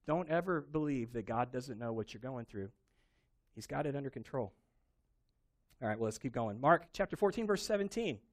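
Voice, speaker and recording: A man preaching a sermon, telling a Bible story with animated emphasis. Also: medium pitch, normal speed. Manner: animated storytelling, acting out quoted voices. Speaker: pastor.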